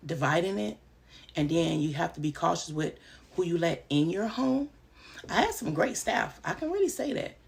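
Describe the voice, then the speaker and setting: A woman's voice: low voice, gravelly. A woman who runs a home daycare, giving casual advice in a vlog and stressing her points by repeating them.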